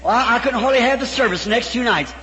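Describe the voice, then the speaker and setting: Male preacher, high pitched, bright and cutting, fervent storyteller who bursts into shouts, echoing hall. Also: quick pace. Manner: fervent, breaks into shouts and chuckles. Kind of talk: storytelling sermon. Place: large church hall before a congregation. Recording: echoey hall, faint background noise.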